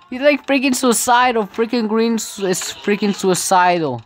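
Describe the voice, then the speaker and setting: A woman's voice: medium pitch, animated, moderate pace, faint music behind. A woman giving casual gameplay commentary, often exclaiming in frustration and laughing at the game. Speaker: gaming video creator.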